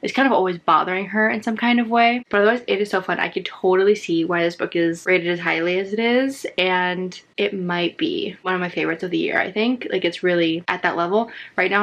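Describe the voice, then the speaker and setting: A woman chatting casually in a reading vlog, gushing and excitable as she talks about a book. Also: medium pitch. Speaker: book vlogger. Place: outdoors on a work break.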